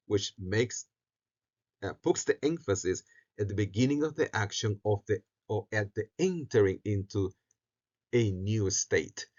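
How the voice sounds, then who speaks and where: A man teaching a Bible lesson on Greek syntax, talking haltingly, often restarting phrases and repeating words for stress. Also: lowish voice, lo-fi sound. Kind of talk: recorded Greek syntax lecture.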